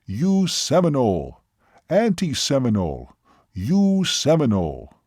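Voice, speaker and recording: A man voicing a solemn fisherman who speaks in clipped, halting broken English, as part of a story reading. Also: mid-range voice, very animated, darkish tone, no echo, studio quality. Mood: emphatic. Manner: clipped, emphatic, halting phrases.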